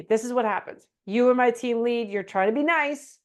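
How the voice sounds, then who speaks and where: A middle-aged woman presenting a webinar in a casual, animated teaching style, slipping into meek voices for examples. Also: a little high, moderate pace, few pauses. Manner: animated, acts out quoted phrases in a meek voice.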